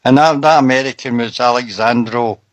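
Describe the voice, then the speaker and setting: A man's voice: medium pitch, brisk. A Scottish man on a fan radio panel, chatting football with dry wisecracks over an online call. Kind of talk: casual football chat. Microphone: online group call.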